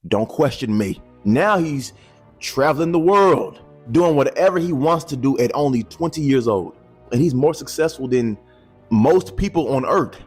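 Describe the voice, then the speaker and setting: A man's voice: fairly high pitch, expressive, normal speed, slightly rough, soft background music. A man giving casual YouTube commentary, slangy and joking, with boastful asides to the camera.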